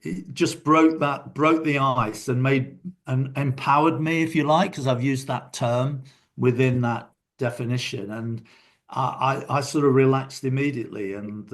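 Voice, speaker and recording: A man's voice: mid-range voice, unhurried. An older man, a guest in a casual interview, telling reflective stories from his working life. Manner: reflective, anecdotal storyteller.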